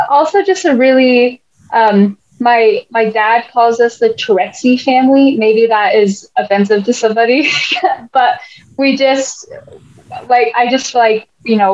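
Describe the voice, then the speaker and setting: A woman's voice: on the high side, darkish tone. An American woman hosting a casual podcast chat, rambling with many restarts and losing her train of thought. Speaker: podcast host. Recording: muffled lo-fi podcast audio.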